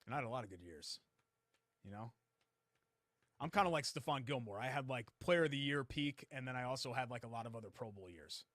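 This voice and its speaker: A man's voice: mid-range voice, expressive, fairly quick, fairly bright tone, no echo. A middle-aged man co-hosting a sports talk show, bragging in a playful, self-mocking way during casual banter in a studio. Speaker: co-host.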